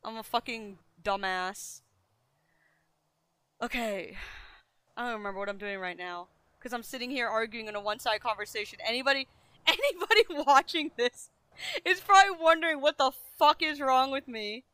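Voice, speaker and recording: A woman's voice: on the high side, lively intonation, normal speed, bright, forceful tone, clear, resonant tone, no room sound. A young woman streaming, talking casually to her chat, flustered and self-deprecating, swearing often as she vents. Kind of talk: casual livestream talk to chat.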